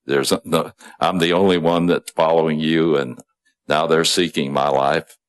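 A man's voice: extremely low pitch, fairly even intonation, moderate pace. A man preaching a sermon, retelling a story in a conversational way with asides and small chuckles.

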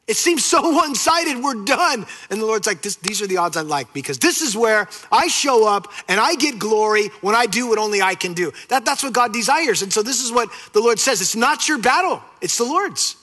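A male pastor delivers a sermon in a high, bright voice with a husky edge. He swings between loud, lively retellings and quiet, drawn-out emphasis.

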